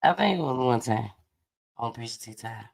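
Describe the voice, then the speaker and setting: Low-voiced laughing woman host. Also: moderate pace, gravelly. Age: middle-aged. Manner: laughs often, animated and teasing. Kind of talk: casual chat.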